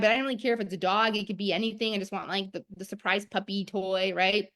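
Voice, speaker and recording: A woman's voice: mid-range voice, steady tone, quick pace, few pauses, a bit bright. A young woman teaching a live-streamed masterclass, talking in a chatty, enthusiastic way full of "like". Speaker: online course teacher.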